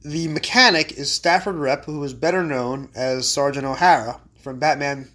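Male podcast host, slightly higher voice, playfully formal storyteller. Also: steady tone, moderate pace, sharp tone. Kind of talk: casual podcast chat. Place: home library.

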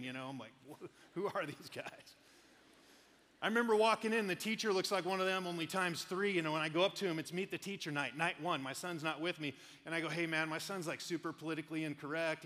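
Middle-aged male pastor, high bright voice, animated storyteller, big hall reverb. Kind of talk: sermon.

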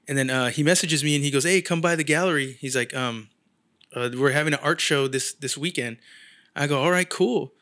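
A man's voice: mid-range voice, fairly bright tone. A man in casual chat, telling a long story and acting out the people he quotes, swearing freely. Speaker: guest artist.

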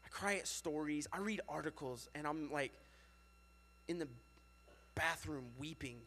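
High-voiced, animated young youth pastor. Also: male voice, measured pace, a little hiss or hum. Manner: animated, chatty, lots of filler words. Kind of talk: casual youth sermon.

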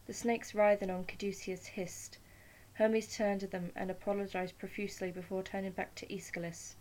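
A woman reading a short story aloud as narrator, at a steady, unhurried pace. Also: mid-range voice, low-quality recording.

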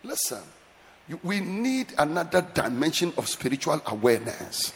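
A man preaching a sermon as pastor, swelling into shouts and sing-song cadences. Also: a little high, sing-song, moderate pace. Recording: reverberant church hall with faint music.

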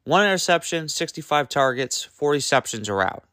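A man hosting his own sports podcast, ranting in an exasperated, emphatic way, full of rhetorical questions and quick self-corrections. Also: on the high side, very animated, a bit bright, no room sound, clean studio sound. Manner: loose and rambling, trips over words and self-corrects. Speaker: podcast host. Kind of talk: solo sports podcast rant.

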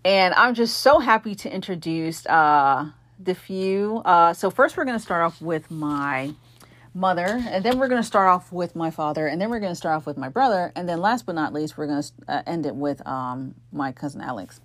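A woman's voice: on the low side, animated, normal speed. A young adult woman hosting a podcast, talking casually with lots of fillers and self-corrections as she introduces the episode. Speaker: podcast host.

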